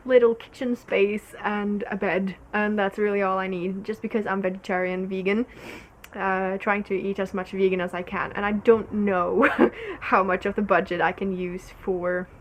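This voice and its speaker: A woman's voice: mid-range voice, fairly even intonation, moderate pace, a little hiss or hum. A young woman from Norway, hosting a casual knitting podcast in a rambling, giggly way, full of fillers. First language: Norwegian. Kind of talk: casual solo podcast chat.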